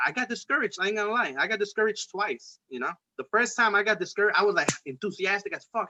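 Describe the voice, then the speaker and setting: This podcast host is a man with a high, animated voice who talks fast with few pauses and a sharp tone. His casual political chat is heated, profane and rambling, full of restarts. The recording is dull and lo-fi.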